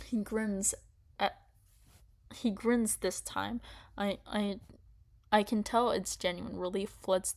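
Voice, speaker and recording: A woman's voice: mid-range voice, fairly even intonation, takes it slowly, creaky, pauses often, a little mellow. A young woman chatting casually and reading a story aloud, often restarting her words. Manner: stumbling, restarting, giggly.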